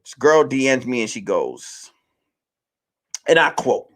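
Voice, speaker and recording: Animated, profane man in his late thirties. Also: mid-range voice, slow pace. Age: late 30s. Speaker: podcast host. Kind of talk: casual monologue to listeners.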